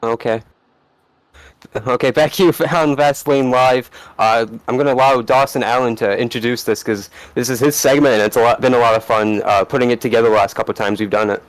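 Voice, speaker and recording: A man co-hosting a casual online stream, speaking in a relaxed, easygoing way as he hands over the segment. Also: medium pitch, fairly quick, no echo, poor audio. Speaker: stream co-host.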